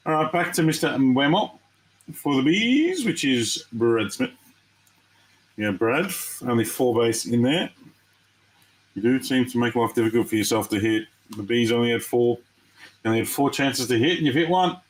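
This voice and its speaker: A man from Australia runs a live trading card break, talking casually and excitedly to his viewers as he opens packs. His voice sits at a middling pitch, and he keeps up a steady, chatty stream of commentary. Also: moderate pace, low-quality recording.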